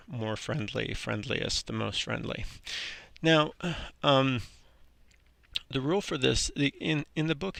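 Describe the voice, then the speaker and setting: A man with a very gravelly, bright voice teaches an English grammar lesson. He talks in a relaxed, halting way, full of ums and restarts. The recording is dry and close. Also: mid-range voice, no echo.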